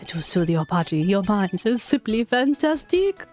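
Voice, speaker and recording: Brief: fussy male chef with an overdone French accent, high and showy, played by a woman. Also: fairly even intonation, brisk, a little mellow, faint music behind, natural voice. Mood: flamboyant. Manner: exaggerated French accent, flowery.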